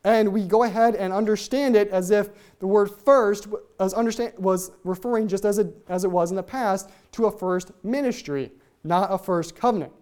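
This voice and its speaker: A Bible teacher works through scripture verse by verse, speaking in quick bursts that trip over their own words. Key ideas come back again and again so they sink in. The voice is mellow and warm, sitting at a middle pitch. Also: clear, resonant tone. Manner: talks very fast, trips over own words; repeats key points for emphasis.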